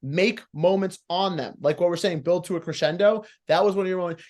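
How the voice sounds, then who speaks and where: A man's voice: high voice, a little fast, a little mellow. A man judging wrestling promos, giving blunt, coaching feedback and acting out moves and lines as he explains, with casual swearing. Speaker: talent competition judge. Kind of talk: live critique of wrestling promos.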